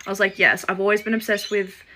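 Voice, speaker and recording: A chatty woman recounting a personal story in a casual storytime. Her voice is bright and forceful. She acts out the lines of the people in the story and leans on "like" as a filler. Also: medium pitch, steady tone, fast, a little hiss or hum. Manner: chatty, acts out quoted dialogue; frequent "like" fillers.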